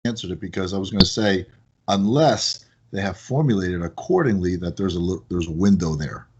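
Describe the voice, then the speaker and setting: A man's voice: fairly quick, husky, muffled recording. A man talking casually as a guest on a podcast, telling stories with a lot of energy. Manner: animated storyteller, rising high when excited. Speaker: podcast guest, product company owner.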